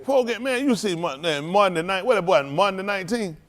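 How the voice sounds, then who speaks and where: A man giving loose, animated commentary at a livestreamed service, laughing often. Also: high-pitched, fast talker. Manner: animated, laughing, preachy street talk. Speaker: preacher.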